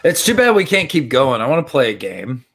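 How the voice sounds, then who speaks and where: Upbeat rambling guy, sharp bright voice. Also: medium pitch, very animated, a little fast. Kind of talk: casual chat.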